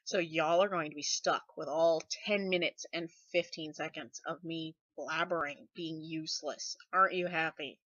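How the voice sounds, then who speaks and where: A woman's voice: low-pitched, fairly even intonation, moderate pace, hardly any pauses, a bit bright, no room sound. A Scottish woman chatting casually to her webcam, rambling and self-deprecating with sarcastic asides; her voice often gets mistaken for a man's. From Scotland. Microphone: webcam mic. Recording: dull dry webcam audio.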